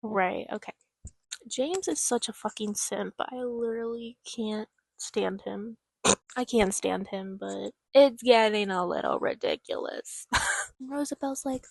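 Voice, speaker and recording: A woman's voice: mid-range voice, unhurried, creaky, slightly rough, no room sound. A young woman vlogging, casually recapping a novel, chatty and swearing freely as she acts out the characters' lines. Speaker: book vlogger.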